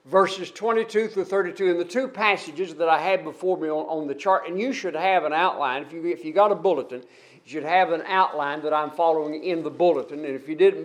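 A man with a high voice preaches a sermon. He retells the story with emphasis, adds folksy asides and often repeats words when he starts a phrase over.

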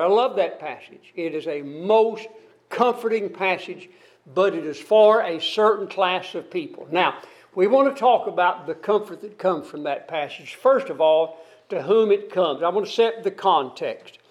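A man's voice: sits high, lively intonation, measured pace. A man preaching an expository sermon, reading scripture aloud and explaining it verse by verse, asking his listeners questions. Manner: asks the congregation questions.

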